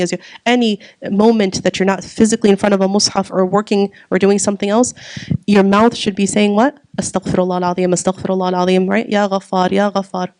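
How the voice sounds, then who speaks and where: A woman's voice: mid-range voice, a little mellow, no room sound. Dry-sounding woman teaching a religious class. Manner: asks the audience questions and waits for answers; repeats key words for emphasis. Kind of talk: religious talk to a live audience.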